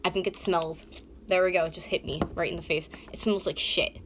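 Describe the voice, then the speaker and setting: A woman's voice: on the low side, fairly even intonation, brisk, background noise. A woman in her twenties from North America, rambling bluntly and swearing through a casual live-stream nail tutorial in her bedroom, filmed on a propped-up phone. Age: 20s. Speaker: beauty vlogger. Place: her warm bedroom at a vanity. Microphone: phone camera propped up close.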